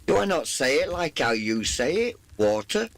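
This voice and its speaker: A man's voice: high-pitched, big pitch swings, moderate pace, creaky. A man chatting casually and jokingly with viewers while streaming a game, playfully teasing and putting on mock indignation.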